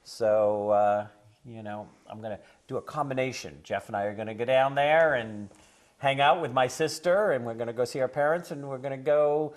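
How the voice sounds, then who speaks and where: A man chatting on a talk show, rambling and conversational, who grows forceful and preachy when he lectures parents. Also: medium pitch, normal speed. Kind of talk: casual talk show chat and storytelling.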